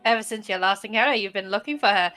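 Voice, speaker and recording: Bright-voiced woman game master. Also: mid-range voice, quick pace, soft background music. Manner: playful narration, laughing between lines. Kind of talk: narrating a tabletop game on stream.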